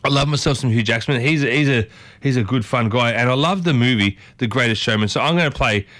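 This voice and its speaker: Chatty radio host, dry studio sound. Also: male voice, mid-range voice, quick pace, a bit bright, no room sound. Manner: chatty, rambling with restarts, playful asides. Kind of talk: casual morning radio chat. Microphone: studio microphone.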